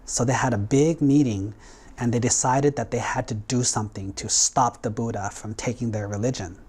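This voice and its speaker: A man's voice: medium pitch, fairly even intonation, moderate pace, a little mellow, slightly rough. A male Buddhist monk telling a story in a sermon, in a casual, conversational way with acted-out quotes.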